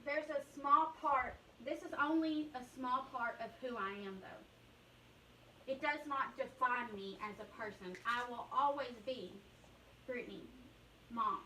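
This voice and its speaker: A woman with a high, bright voice speaks earnestly and openly in a personal talk. Her words are candid and emotional. The sound is echoey, picked up from some distance away. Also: slight background noise. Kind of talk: personal speech to an audience.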